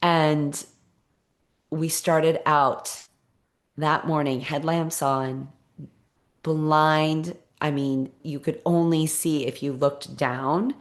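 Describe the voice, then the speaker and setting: A middle-aged woman podcast host telling a personal story in an earnest, encouraging way, stressing points by repeating them. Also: deep voice. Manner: earnest, encouraging, emphatic with repetition.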